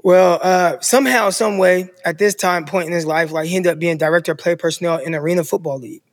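A man's voice: sits high, quick pace, big-room sound. A man in his thirties from California, a guest telling his story in casual chat and acting out what others said. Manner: animated, acts out others' voices.

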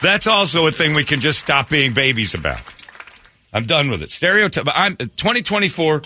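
A man's voice: a little high, sing-song, normal speed, bright, forceful tone, a little hiss or hum. A man hosting a morning radio show, bantering brashly and jokingly, often slipping into mock tough-guy voices.

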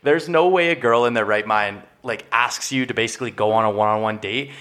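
A young man co-hosting a podcast in relaxed casual chat, swearing freely and laughing often. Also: mid-range voice, a little fast. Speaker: podcast co-host.

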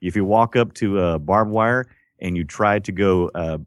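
A man co-hosting a casual gaming podcast, rambling and animated, acting out quotes as he tells stories. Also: sits low, normal speed, no room sound, clean studio sound. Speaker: podcast co-host.

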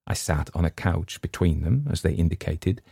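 Deep, gravelly man narrating a classic tale; dramatic, measured, dry studio. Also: expressive, dark tone, no room sound. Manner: measured, dramatic first-person reading. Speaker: audiobook narrator. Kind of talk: scripted narration of a classic story.

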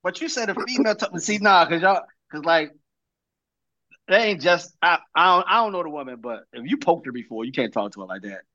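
Teasing young man, lively and quick. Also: on the high side. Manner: teasing, profane, laughs often, acts out quotes. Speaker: podcast co-host. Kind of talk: casual chat. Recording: slightly dull, muffled audio.

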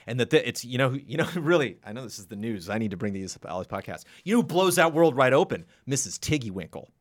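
A man's voice: mid-range voice, sing-song, fast. A man hosting a casual podcast chat, telling stories animatedly and slipping into playful voices. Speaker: podcast host.

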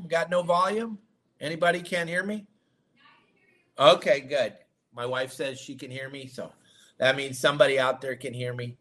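A man hosting a live fishing show, chatty and excitable, greeting viewers loudly. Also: mid-range voice, moderate pace. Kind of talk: casual live-stream chat.

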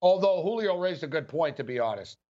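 Sports betting radio guy rambling, chuckly, a bit high, muffled audio. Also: lively intonation, brisk, dark tone. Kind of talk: casual sports talk.

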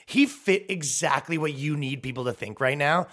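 A man's voice: a little high, normal speed, a bit bright. A man hosting a comedy podcast, riffing in a rambling, profane, sarcastic way. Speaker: podcast host.

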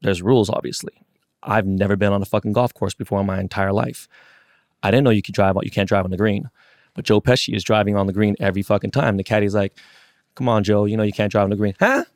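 A man's voice: on the low side, fast talker, no room sound, studio quality. A man co-hosting a podcast, telling a story casually with lots of swearing and acted-out quotes. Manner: animated, profane, acts out quotes. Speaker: podcast co-host.

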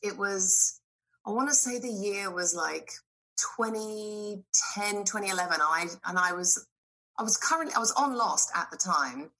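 A woman in her thirties, a podcast guest, telling stories in animated casual chat with plenty of swearing and laughter. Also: medium pitch, moderate pace. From Britain.

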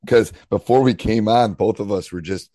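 A hoarse middle-aged man hosting a youth basketball coaching podcast, talking casually and haltingly with fillers. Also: lowish voice, warm tone, no room sound.

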